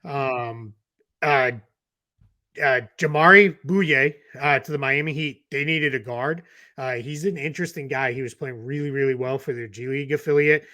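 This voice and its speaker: A man's voice: medium pitch, normal speed, bright, forceful tone, no room sound, studio quality. A man with a Boston accent co-hosting a basketball podcast, talking through roster moves in a loose, casual way with fillers and restarts. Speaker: podcast co-host, basketball analyst. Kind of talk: casual chat.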